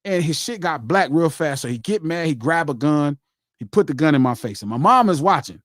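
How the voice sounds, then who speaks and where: Animated high-voiced man telling a story. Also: fairly quick, dry recording, clean studio sound. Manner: animated, repeats himself, acts out quotes. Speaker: podcast host. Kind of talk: casual storytelling chat.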